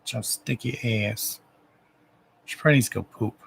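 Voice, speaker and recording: A man's voice: medium pitch, moderate pace, creaky, breathy edge, poor audio. A man hosting a live psychic reading stream, chatting in a rambling, casual way, swearing now and then and talking to his pets.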